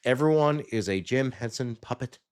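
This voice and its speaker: A man casually recapping a TV episode, sarcastic and animated, sometimes mimicking the characters. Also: medium pitch, moderate pace, clean tone. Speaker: TV episode reviewer.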